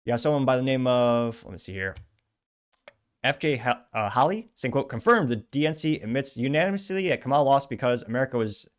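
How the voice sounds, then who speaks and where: A man's voice: medium pitch, animated, brisk, clean tone. A man hosting a political commentary show, giving his opinions and reading viewer comments aloud with sarcastic asides. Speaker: host.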